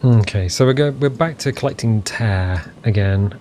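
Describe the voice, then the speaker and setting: A man's voice: on the low side, moderate pace, background noise. A man giving casual gameplay commentary, thinking aloud with hesitant fillers. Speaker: let's play host. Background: game music.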